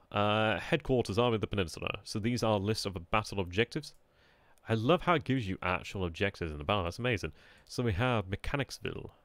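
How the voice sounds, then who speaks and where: Man, low voice, casual game commentary, excitable, self-mocking, dry close mic. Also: dry recording. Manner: chatty, excitable, often laughing at himself. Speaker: gameplay commentator. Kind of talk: casual let's-play commentary.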